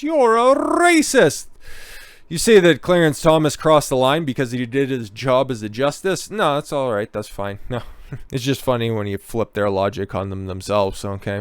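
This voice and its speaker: Male commentator, sarcastic and foul-mouthed, smooth resonant voice, dry close sound. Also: fairly low pitch, dry recording. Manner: profane, sarcastic, heated. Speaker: political commentator. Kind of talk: ranting political commentary.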